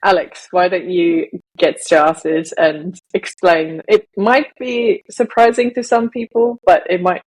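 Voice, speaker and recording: A woman's voice: on the low side, fairly even intonation, takes it slowly, few pauses, darkish tone, slightly rough, rough recording. A woman raised in Malaysia who speaks with a Southern English accent, co-hosting a casual podcast in a rambling way with frequent laughs. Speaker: podcast co-host.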